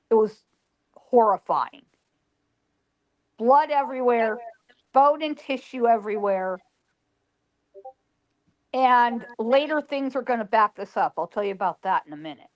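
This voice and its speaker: A woman psychic, telling an emotional past-life story and quoting the people in it. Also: mid-range voice. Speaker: psychic guest.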